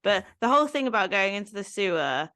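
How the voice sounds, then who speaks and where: A woman's voice: medium pitch, very animated, fast, bright, forceful tone, no echo, studio quality. A woman co-hosting a casual podcast, giving frank, blunt opinions with some mild swearing. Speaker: podcast co-host. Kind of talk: casual recap chat.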